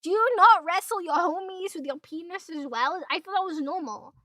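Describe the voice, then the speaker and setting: Very high, bright excitable streamer woman. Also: moderate pace, no room sound, studio quality. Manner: loud, excitable, swears often, laughs a lot. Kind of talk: reaction stream chat.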